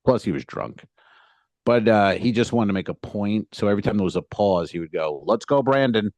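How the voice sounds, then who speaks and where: A man with a fairly low voice, recorded close and dry with no room around him. He chats casually as a stand-up comedian and podcast co-host. He tells his stories with animation, acting out the people in them. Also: fairly quick, no echo. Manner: animated storytelling, acts out hecklers and himself on stage. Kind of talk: casual chat.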